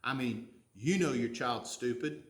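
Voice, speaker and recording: A man's voice: medium pitch, measured pace, roomy sound. A man, preaching a sermon in a folksy, conversational way, full of questions to the congregation. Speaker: pastor.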